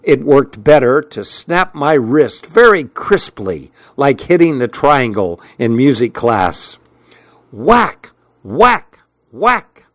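Male host, reads a novel aloud at an easy, slow pace, dry sound. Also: medium pitch, lively intonation, no echo.

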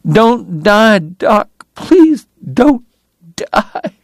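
A man's voice: fairly high pitch, lively intonation, slow, no echo, studio quality, voice pushed up. A man voicing a sobbing, pleading young woman. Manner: begging, sobbing, bitter.

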